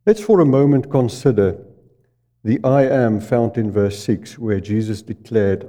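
A male preacher delivers a sermon at an unhurried pace. His voice is very dark and mellow, and it sinks lower and quieter on the phrases he wants to stress. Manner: slow, deliberate, drops low and soft on key phrases.

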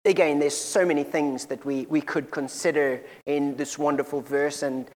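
A man preaches a sermon in a church room with a somewhat high voice. He speaks earnestly, often repeating words mid-sentence and slowing down to read scripture. A long hall reverb trails behind him. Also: fairly even intonation, a little mellow.

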